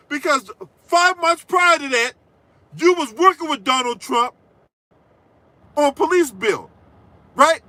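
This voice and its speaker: A man's voice: very high voice, sharp tone, poor audio. A man hosting a political commentary channel, delivering a profane, mocking rant full of crude trash talk and repeated "right?".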